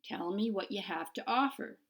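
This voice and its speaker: A woman's voice: mid-range voice, moderate pace, a bit bright. A woman voicing a sardonic female cat familiar in an audiobook, dry and sarcastic. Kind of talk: audiobook character voice.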